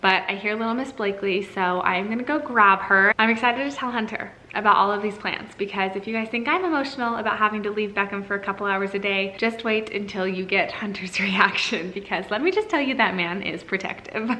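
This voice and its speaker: A woman's voice: medium pitch, brisk, few pauses, sharp tone, rough recording. Young woman, mom vlogger. Casual, heartfelt talk to camera. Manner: open and emotional, sweet singsong when talking to her kids. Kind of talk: casual vlog chat to camera.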